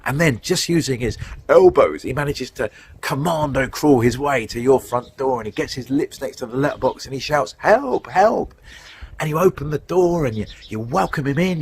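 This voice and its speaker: A middle-aged man preaching a sermon as a guest speaker, telling stories in a conversational, animated way, recorded outdoors in the wind. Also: medium pitch, breathy edge, low-quality recording. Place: outdoors, windy.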